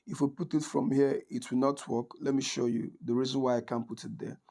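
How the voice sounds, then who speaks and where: Warm, level, and a little fast, this man's medium-pitched voice has some vocal fry. Teaching forex trading in a screen-recorded tutorial, he stays conversational, asks "right?" frequently, and restarts or corrects himself often.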